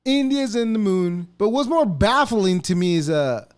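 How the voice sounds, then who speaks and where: A man hosts his podcast with a loose, swearing, mocking rant. His voice sits high for a man and jumps all over the place as he gets worked up. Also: moderate pace, smooth. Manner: profane, mocking, animated ranting with laughs. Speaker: podcast host. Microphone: podcast mic.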